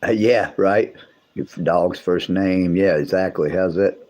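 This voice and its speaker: Unhurried and a little mellow, a low-pitched male livestream host makes casual conversation with his live chat viewers. His delivery drawls and rambles, and he frequently begins sentences again.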